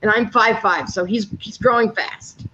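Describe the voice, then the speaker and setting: A woman's voice: medium pitch, moderate pace, bright, forceful tone, a little hiss or hum. A woman in her fifties chatting casually, telling blunt stories with plenty of swearing. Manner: blunt, profane storyteller. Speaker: panel speaker. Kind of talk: casual chat. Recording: dull lo-fi audio.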